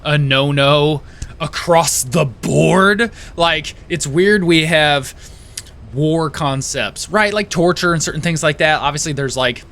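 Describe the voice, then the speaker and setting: Rambling, swearing gamer. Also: male voice, fairly high pitch, slow, fairly bright tone. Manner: rambling, swears, trails off into restarts and tangents. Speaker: let's play gamer. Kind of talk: casual gameplay commentary.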